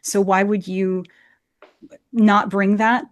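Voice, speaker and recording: A woman's voice: mid-range voice, flat delivery, slow, no echo, studio quality. An American woman, an actor and Shakespeare coach, talking earnestly and passionately in an interview over a video call, often repeating words as she starts a phrase. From United States. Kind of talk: conversational interview. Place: home room, video call.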